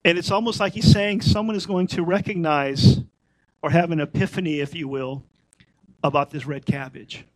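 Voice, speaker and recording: Higher-voiced man teaching, repeating for emphasis. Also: normal speed, no room sound, rough recording. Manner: conversational, repeats points for emphasis. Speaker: Messianic Torah teacher. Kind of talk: informal Torah teaching.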